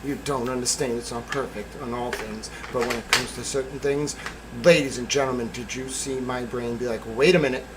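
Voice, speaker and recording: A man hosting a solo livestream, talking in theatrical bursts that swing from quiet asides to loud outcries and laughter. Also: mid-range voice, fairly even intonation, brisk, very noisy. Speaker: livestream host.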